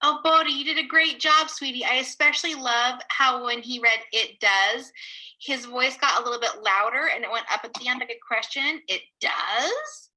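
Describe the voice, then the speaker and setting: Bright, encouraging woman teaching young kids. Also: sits high, rough recording. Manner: encouraging, praising, speaks slowly to young children. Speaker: elementary teacher. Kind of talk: live online class for young children.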